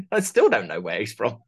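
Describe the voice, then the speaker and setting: Guy chatting about his design work, lowish voice, lots of restarts and laughing. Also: huge pitch swings, measured pace, breathy edge. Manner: rambling, many restarts, laughs through stories. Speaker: costume designer, guest. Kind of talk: casual interview chat.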